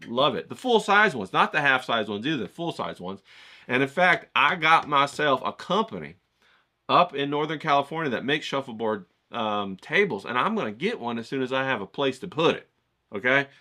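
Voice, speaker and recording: A man who teaches a casual video lesson, loud and profane, with lots of "okay?" and "bro", and he keeps going off on tangents. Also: medium pitch, lively intonation, brisk. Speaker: art course instructor.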